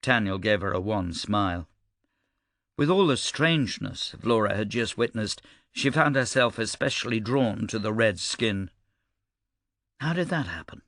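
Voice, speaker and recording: A male audiobook narrator with a low, gravelly voice, reading with steady, measured storytelling. The sound is close and dry, with no room around it. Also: dry recording. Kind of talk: scripted narration.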